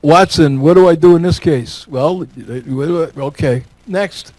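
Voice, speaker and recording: A man's voice: on the high side, unhurried, darkish tone, dry recording, poor audio. A man from New York state gives a talk and takes audience questions, folksy and joking, repeating words for emphasis. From Elmira, New York. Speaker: guest speaker.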